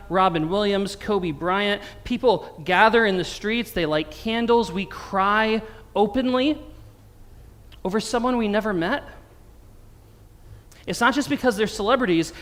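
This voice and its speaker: High-voiced American pastor preaching in a reverberant sanctuary. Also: male voice, fairly bright tone. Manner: conversational, wry humor. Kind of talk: sermon. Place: church sanctuary. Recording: long reverb of a church sanctuary.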